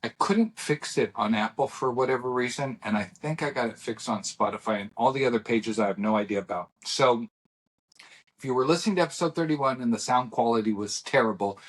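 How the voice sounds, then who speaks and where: A man's voice: mid-range voice, a little fast, breathy edge. A middle-aged man co-hosting a podcast, chatting casually and telling rambling stories with restarts and acted-out dialogue. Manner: rambling storyteller who restarts and acts out dialogue. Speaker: podcast co-host. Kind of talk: casual chat.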